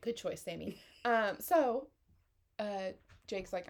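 A woman co-hosting a podcast, retelling a TV episode in a casual, animated way and laughing often. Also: medium pitch, slow pace, long pauses. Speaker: podcast co-host. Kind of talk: casual TV recap chat.

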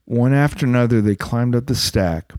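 A man reading a bedtime story aloud, playful, with deadpan joking asides. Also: medium pitch, moderate pace, no room sound.

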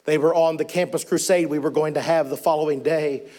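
A man's voice: a little high, fairly even intonation, fairly quick, a little mellow. A man preaching a sermon as a missionary, telling a story with mounting fervor. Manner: impassioned storytelling, rising to fervent preaching.

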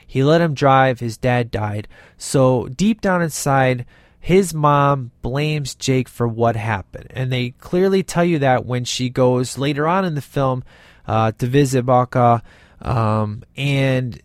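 A man's voice: medium pitch, measured pace, no echo, studio quality. A man casually reviewing a movie with enthusiasm, retelling scenes and acting out the characters' lines as he goes.

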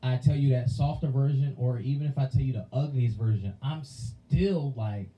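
A man co-hosting a podcast, talking in a relaxed, reflective way with slang and frequent laughs. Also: medium pitch, moderate pace, low-quality recording. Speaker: podcast co-host. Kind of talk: casual chat.

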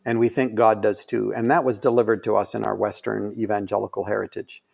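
A man's voice: lowish voice, flat delivery, brisk, creaky, a little mellow, husky. A middle-aged man telling a story in casual conversation, rambling with lots of fillers and restarts. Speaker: guest.

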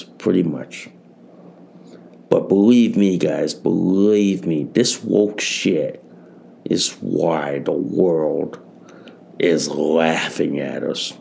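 A man talks slowly in a low, gravelly voice, hosting his own podcast alone. He keeps repeating phrases and swears freely. He comes across as worn out. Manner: repeats phrases, swears often, addresses listeners as guys. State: tired. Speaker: podcast host. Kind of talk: solo podcast monologue.

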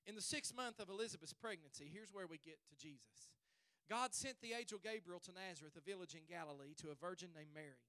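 A male pastor preaching a fervent sermon at a church service, stretching his phrases and rising to shouts. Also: high-pitched, fast, dry recording.

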